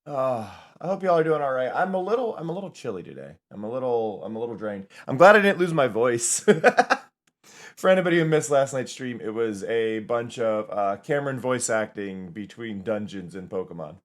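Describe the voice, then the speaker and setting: A man's voice: mid-range voice, big pitch swings, normal speed. A young man chatting casually on a live stream while playing a game, rambling and laughing often.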